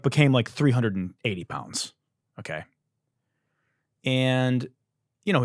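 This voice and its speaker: A man hosting a comedy podcast, riffing on wordplay in a profane, animated monologue, his voice a little hoarse. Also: mid-range voice, dry recording, studio quality. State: slightly hoarse. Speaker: podcast host.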